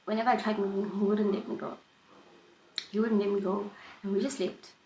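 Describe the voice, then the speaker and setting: A woman vlogger telling a personal story in a casual storytime chat, animated and emphatic, often repeating herself. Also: medium pitch, fairly quick, roomy sound, slight background noise, low-quality recording.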